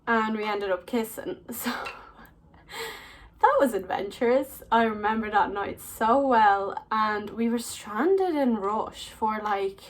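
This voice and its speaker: A woman's voice: mid-range voice, slow. A young woman casually telling stories to camera, chatty and full of "like" fillers. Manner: chatty, many "like" fillers, laughs often. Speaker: vlogger. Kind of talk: casual storytelling.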